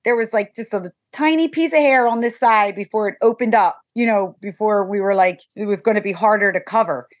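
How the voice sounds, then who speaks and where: A woman guest in a podcast interview over a remote call, excitable and gushing, stumbling and restarting as she talks. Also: mid-range voice, fairly quick, few pauses, no echo. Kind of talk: emotional conversational storytelling.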